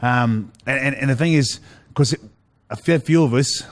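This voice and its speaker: A man's voice: medium pitch, moderate pace. A middle-aged Australian man telling stories as a guest in a casual chat, rambling with many fillers and restarts. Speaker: guest, former rugby league player.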